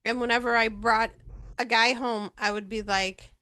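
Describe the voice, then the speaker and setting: A woman's voice: on the high side, fairly even intonation, moderate pace, bright, forceful tone. A middle-aged woman co-hosting a podcast, chatting casually and telling anecdotes from her own life. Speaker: podcast co-host. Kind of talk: casual chat.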